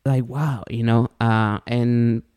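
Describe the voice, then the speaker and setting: A man co-hosting a podcast in casual chat, an animated storyteller who acts out the voices of people in his stories. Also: mid-range voice, takes it slowly, clean tone. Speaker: podcast co-host.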